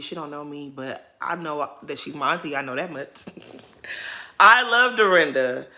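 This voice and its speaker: Bright-voiced chatty Southern woman. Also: low-pitched. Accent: Southern American. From American South. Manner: chatty, tags lines with "okay?". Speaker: YouTuber. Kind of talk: casual chat.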